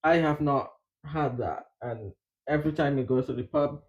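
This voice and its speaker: A woman's voice: sits low, moderate pace, a little mellow, highs cut off. A woman from the Caribbean in casual group chat, talking with laughter running through her stories.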